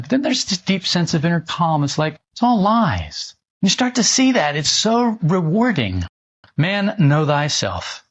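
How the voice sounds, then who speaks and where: A man giving a spiritual talk to a group, animated and given to mocking asides in quoted voices, on a dull old recording. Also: fairly high pitch. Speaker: spiritual teacher.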